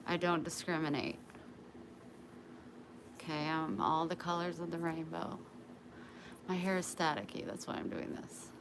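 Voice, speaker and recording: A woman with a low voice talks slowly while livestreaming from the living room of her home. It's a casual, chatty stream where she greets viewers by name, and the home recording is noisy.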